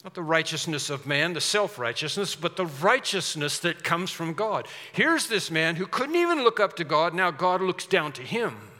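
Bright-voiced preacher in a reverberant hall. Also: male voice, a little high, big pitch swings, moderate pace, few pauses. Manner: emphatic, rhetorical questions to the congregation. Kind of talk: sermon. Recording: long reverb of a large hall.

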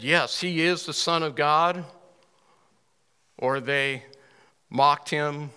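Slow, bright-voiced preacher in a reverberant hall. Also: male voice, medium pitch. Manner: reads scripture aloud slowly, rising emphasis, frequent throat clearing; asks the audience pointed questions. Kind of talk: sermon. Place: room with listeners.

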